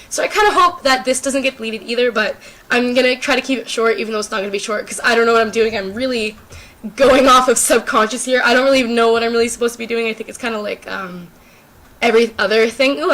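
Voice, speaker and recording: A teenage YouTuber with a sore throat rambles casually to the camera in unscripted chat, putting herself down and using lots of fillers. She speaks fast, in a fairly high, slightly bright voice.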